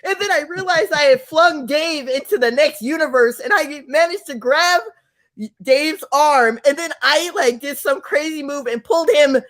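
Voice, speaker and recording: A young woman co-hosting a podcast, telling a story in an animated, giggly way and acting out the quotes. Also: high voice, normal speed. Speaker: podcast co-host. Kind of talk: casual storytelling.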